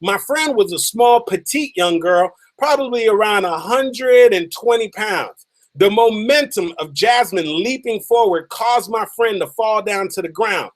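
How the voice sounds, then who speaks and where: A man giving a motivational talk as a story, emphatic and repeating phrases for effect, slowing down on key lines. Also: high voice, lively intonation. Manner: slows down and stretches key lines for drama. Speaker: motivational speaker.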